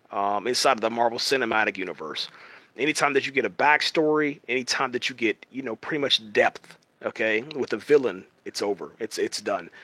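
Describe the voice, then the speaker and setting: Rambling man with a bright, dry voice. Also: medium pitch, no echo. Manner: rambling, with many fillers and restarts, often ending with "man". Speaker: video host reviewing a TV series. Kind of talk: casual unscripted commentary. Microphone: home streaming setup.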